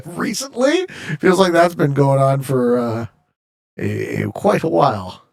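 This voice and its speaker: A man's voice: medium pitch, big pitch swings, slow, gravelly. A man streaming a game, casually reading viewer chat aloud and joking as he answers, from Canada. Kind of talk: casual live-stream chat while gaming.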